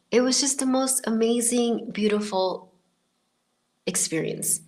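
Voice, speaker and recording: A woman's voice: fairly high pitch, measured pace, darkish tone. A woman in her fifties hosting a podcast, telling a personal story in a casual, rambling way full of filler words and restarts. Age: 50s. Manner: chatty and rambling, many filler likes and restarts. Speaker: podcast host.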